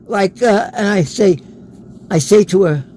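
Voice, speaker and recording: A man's voice: high voice, measured pace, mellow, slight background noise, low-quality recording. A man, an interview guest, telling a personal story in a casual way and acting out the quoted dialogue. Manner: acts out quoted dialogue in his stories.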